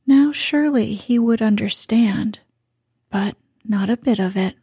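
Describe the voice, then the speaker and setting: A woman reading a bedtime story aloud in a soft, hushed, drawn-out delivery. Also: on the high side, slightly rough, dry recording, studio quality.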